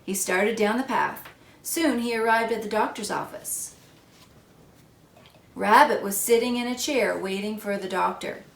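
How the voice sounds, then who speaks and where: A woman reading a picture book aloud for children in an expressive storytelling voice. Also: medium pitch, a little slow, creaky. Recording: echoey room.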